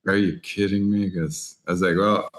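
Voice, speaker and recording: Middle-aged man from Texas, low voice, animated storyteller who acts out the lines of people in his tales, relaxed interview guest. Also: brisk. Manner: animated anecdotes, voices other people in quotes. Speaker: podcast guest, writer and angler.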